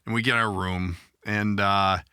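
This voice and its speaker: Middle-aged male podcast host, profane self-deprecating storyteller, bright tone, dry booth. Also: fairly low pitch, steady tone, unhurried, clean tone, no echo. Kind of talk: casual storytelling chat.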